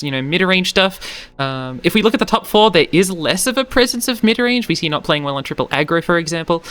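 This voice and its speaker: A man co-commentating a card game tournament, breaking down deck lists in a relaxed, analytical way. His voice sits a little high and sounds bright and smooth. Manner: analytical, relaxed, chuckles along. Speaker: esports caster. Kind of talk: live esports commentary.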